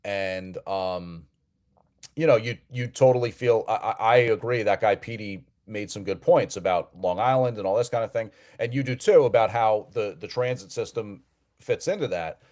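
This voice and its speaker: A man from New Jersey hosts a live call-in show in an easygoing, conversational way. His voice sits a little low, and he often doubles words as he restarts his sentences. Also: normal speed, darkish tone. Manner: chatty, repeats words as he restarts. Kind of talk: casual live call-in chat.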